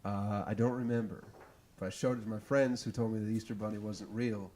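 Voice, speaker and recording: A comedian in a casual podcast chat, easygoing and wry. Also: male voice, lowish voice, steady tone, fairly quick, mellow, a little hiss or hum. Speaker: comedian guest.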